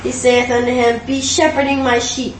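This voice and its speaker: A woman giving a measured, formal scripture reading, heard from a distance. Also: fairly high pitch, flat delivery, slight background noise. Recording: distant voice in an echoey room.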